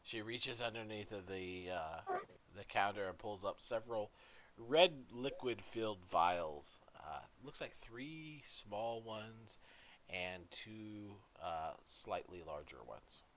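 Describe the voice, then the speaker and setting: A man narrating as game master of a tabletop role-play, lively and thinking aloud. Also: lowish voice, slow, a little hiss or hum.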